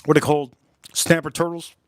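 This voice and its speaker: Rambling excitable man on a livestream. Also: on the high side, fast, clear, resonant tone, no room sound, clean studio sound. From South Florida. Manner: rambling, excitable, jumps between topics. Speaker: livestream host. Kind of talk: casual livestream chat.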